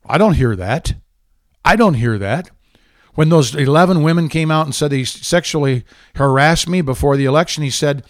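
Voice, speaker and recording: A man's voice: on the high side, normal speed, dry recording. A man hosting a political talk show, ranting with heated, indignant sarcasm. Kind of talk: angry political commentary.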